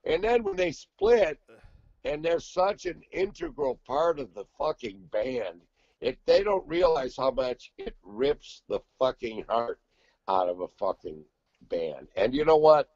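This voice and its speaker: An older man, a guest singer, telling stories in a brash, profane, animated way in casual chat. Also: medium pitch, a little slow, no room sound, dull audio.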